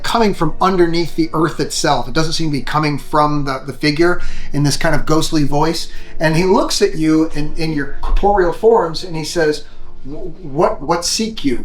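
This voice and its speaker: A man narrating as game master of a tabletop game, in a loose rambling way with many restarts. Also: a little high.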